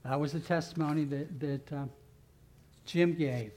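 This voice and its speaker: A man's voice: fairly high pitch, fairly even intonation, measured pace. A man preaching a sermon as pastor, leading his congregation in call-and-response and closing in earnest prayer. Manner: builds to loud fervent call-and-response, then earnest prayer.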